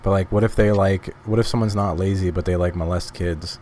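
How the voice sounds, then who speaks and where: A man's voice: sits low, steady tone, a little fast, a little mellow, slight background noise. A man playing a tabletop role-playing game, asking the game master questions in a joking, provocative way. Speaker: player.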